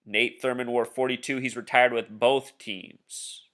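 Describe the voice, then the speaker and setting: Level in tone, slightly slow, and a bit bright, this medium-pitched man talks over a screen share as a video blogger. He insists on his conspiratorial theories and speaks directly to the viewer, calling them "Truth Seeker."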